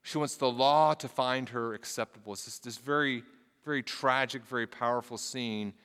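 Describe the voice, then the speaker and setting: A man's voice: mid-range voice, moderate pace, a bit bright, clean tone, long reverb tail. A man preaching a sermon, reading scripture aloud and telling a story with earnest emphasis and casual asides. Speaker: pastor.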